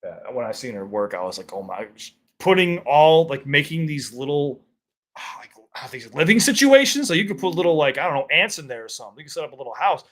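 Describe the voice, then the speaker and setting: A man's voice: a little high, very animated, quick pace. A man in casual chat as a co-host, talking candidly, swearing freely and telling stories with animation. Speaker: content creator and co-host.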